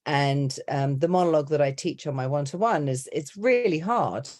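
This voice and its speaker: A woman who coaches accents, chatting as a podcast guest in a lively, laughing way that often breaks off mid-sentence. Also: low voice, moderate pace, no echo, studio quality. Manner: animated, laughing, self-interrupting storyteller. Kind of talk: casual interview chat.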